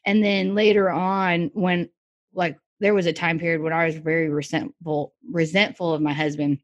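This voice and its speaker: A woman's voice: fairly low pitch, flat delivery, normal speed, muffled recording. A woman guest in an interview, talking candidly and self-mockingly with frequent laughter. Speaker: guest, military spouse. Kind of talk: interview conversation.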